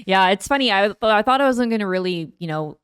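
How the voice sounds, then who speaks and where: A woman's voice: medium pitch, expressive, clear, resonant tone, no room sound, clean studio sound. A woman in her thirties co-hosting a reaction video, chatting casually and filling her talk with "like". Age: 30s. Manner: chatty, quick agreements, many likes. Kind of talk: casual chat.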